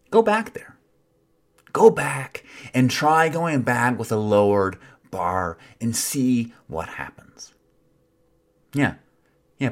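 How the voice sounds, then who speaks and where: A man giving a reflective sermon in an earnest tone, with wry self-mocking asides and soft whispered passages. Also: medium pitch. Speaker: preacher.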